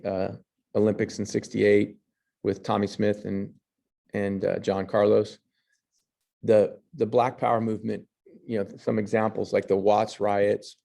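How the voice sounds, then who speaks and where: A man's voice: on the low side, vocal fry, dark tone. A man teaching history, reading passages and then commenting on pictures, with fillers and restarts. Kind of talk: lecture over slides.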